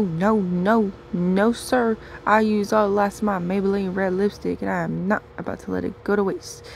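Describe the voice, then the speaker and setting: A woman reading her own comic story in first person with a put-on twang and playful, deadpan delivery. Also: medium pitch, creaky, a little hiss or hum.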